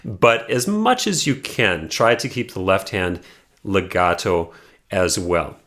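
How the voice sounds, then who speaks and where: A man teaching a piano lesson, explaining patiently and sometimes singing a melody line softly and slowly. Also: low-pitched, animated. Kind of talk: piano tutorial.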